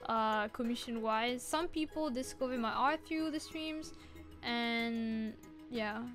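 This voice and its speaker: Bubbly, high-voiced woman art streamer. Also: fairly bright tone. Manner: bubbly and playful, chatting with her viewers. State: sleepy, fighting off yawns. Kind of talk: casual chat while drawing.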